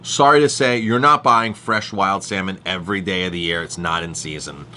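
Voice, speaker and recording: This middle-aged chef's voice sits low and comes out bright and forceful at a normal speed. Addressing the camera directly, he delivers a repetitive, emphatic rant cautioning consumers about food fraud.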